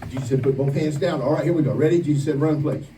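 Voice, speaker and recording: Teasing camp preacher in an echoey hall. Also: male voice, fairly high pitch. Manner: playful teasing, barking quick commands. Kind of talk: leading a game for campers. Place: camp meeting hall with campers. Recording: echoey hall, distant mic, noisy.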